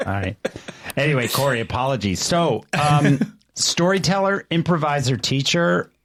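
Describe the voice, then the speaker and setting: A man co-hosting a podcast, chatty and quick to laugh at himself. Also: a little high, a bit bright. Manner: chatty, laughs easily, self-deprecating. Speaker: podcast co-host. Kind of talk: casual chat.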